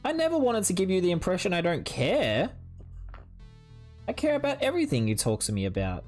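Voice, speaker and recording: A woman with a low voice chats on a live stream, swinging her pitch up and down as she plays at being outraged. She is excitable and teasing with her viewers, and faint music runs underneath her. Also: a little fast. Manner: playful mock outrage, excitable. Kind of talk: casual live-stream chat while building.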